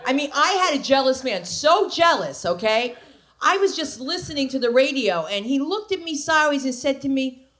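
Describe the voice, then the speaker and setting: A woman's voice: high voice, very animated, normal speed, fairly bright tone. A woman comedian performing a stand-up set on a comedy club stage, sassy and conversational with punchy delivery.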